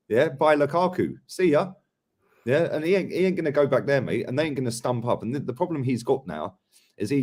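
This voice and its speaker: A man's voice: mid-range voice, animated, brisk, a little mellow. A young man, co-hosting a casual live football chat, blunt and emphatic, with plenty of slang. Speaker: football podcast co-host.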